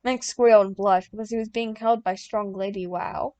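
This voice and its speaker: A young woman reading a fan-written story aloud as an audiobook, plain and deadpan, bursting out loud in the dialogue. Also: medium pitch, moderate pace, clear, resonant tone. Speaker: audiobook reader.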